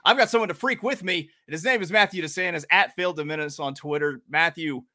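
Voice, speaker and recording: Bright-voiced joking podcast host man. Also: fairly high pitch, quick pace, no room sound, studio quality. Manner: joking, rambling asides. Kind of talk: casual horse racing chat.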